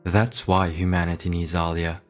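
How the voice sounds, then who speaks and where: A man's voice: sits low, completely flat delivery, normal speed, soft background music, natural voice. A man voicing an inventor protagonist, speaking in an earnest, wondering manner.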